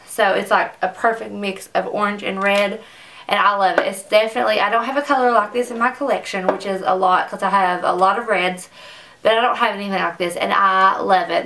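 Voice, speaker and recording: A woman's voice: mid-range voice, fairly bright tone, distant mic. A young woman reviewing makeup in a casual, gushing way, often saying "like," in a makeup room at home. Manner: chatty, gushing, says "like" often. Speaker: beauty vlogger.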